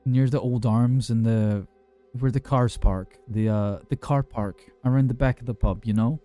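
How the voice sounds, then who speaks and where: A man's voice: medium pitch, fairly even intonation, moderate pace, warm tone, faint music behind, natural voice. A man voicing a drunk young man who rambles, slurs and swears while reporting an attack to an emergency line. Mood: shaken. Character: drunk young British man calling for help, rattled.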